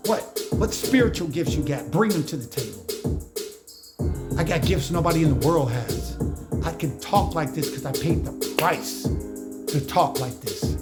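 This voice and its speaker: A man's voice: on the high side, lively intonation, normal speed. A man giving an emphatic, slangy motivational monologue on spiritual matters, lecturing his viewers directly. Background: music playing behind.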